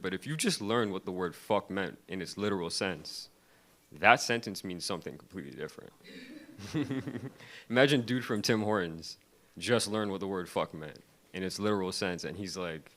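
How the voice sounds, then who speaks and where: A man's voice: low voice, normal speed, a bit bright. Crowd-baiting young male stand-up comic. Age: young adult. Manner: loose, crowd-baiting delivery with laughs. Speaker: stand-up comedian. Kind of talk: stand-up set. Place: comedy club stage.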